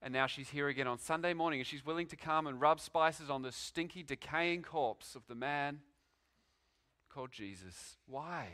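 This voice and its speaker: A man preaching a sermon, his delivery swinging between loud, emphatic declarations and hushed, slow pauses. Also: on the high side.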